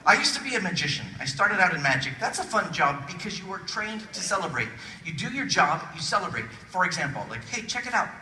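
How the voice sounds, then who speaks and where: A man giving a humorous motivational keynote to a conference audience, jokey and animated, acting out little voices. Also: high voice, fast talker. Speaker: keynote speaker. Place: large conference hall with audience. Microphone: phone recording from the audience. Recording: distant phone recording in echoey hall. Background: audience laughter and crowd noise.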